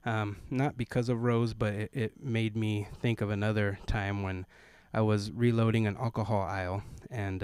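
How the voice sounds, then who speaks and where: A man's voice: lowish voice, darkish tone, smooth, no room sound. A man in his thirties doing a stand-up set at an open mic, telling family stories and briefly putting on voices for the people in them. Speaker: stand-up comedian.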